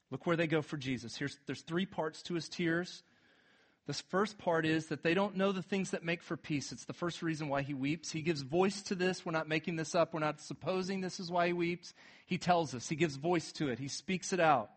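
A man preaching a sermon, retelling scripture casually and swinging from emphatic peaks to low, quiet moments. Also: moderate pace. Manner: animated, builds to emphatic peaks then drops low and quiet. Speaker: pastor.

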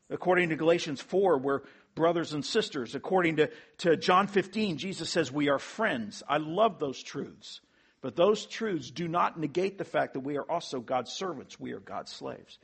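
A man's voice: on the high side, expressive, moderate pace, gravelly, slightly rough. A man as pastor, preaching a sermon in an earnest way with emphatic rising peaks.

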